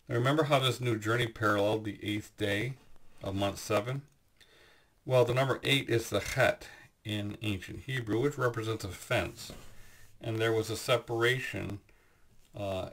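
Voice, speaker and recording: A man giving a Bible teaching, explaining scripture in a measured way with frequent pauses and fillers. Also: lowish voice, a bit bright.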